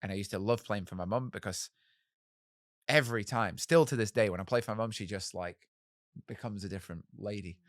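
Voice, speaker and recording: A man in his thirties, a musician guest telling animated stories in an interview and acting out the voices of people he quotes. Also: lowish voice, fairly quick, dry recording, studio quality. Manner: animated, acts out quoted voices, swears casually. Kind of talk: storytelling in a podcast interview.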